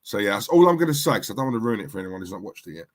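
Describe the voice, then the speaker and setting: A man's voice: fairly low pitch, very animated, racing. A man hosting a live stream, chatting casually and reading out viewer comments in a rambling, repetitive way. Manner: chatty, rambling, repeats himself. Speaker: livestream host.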